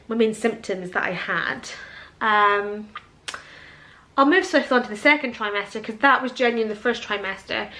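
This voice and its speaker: A woman's voice: mid-range voice, sharp tone. Emotional, tearful young woman vlogging. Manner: emotional, tearful, rambling with many ums. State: teary and tired. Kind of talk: casual vlog chat. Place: at home indoors. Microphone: handheld camera.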